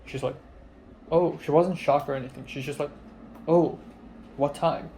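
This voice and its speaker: There's a little hiss or hum behind this young man as he tells a casual, rambling personal story at a moderate pace. His voice is flat and low-key, heavy on fillers, often fading off quietly.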